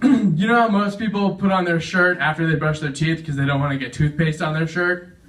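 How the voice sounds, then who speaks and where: A man's voice: a little high, brisk, fairly bright tone, distant mic, a little hiss or hum. A young man doing a self-deprecating stand-up comedy set on stage, chuckling at his own jokes and acting out voices. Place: veterans' hall stage.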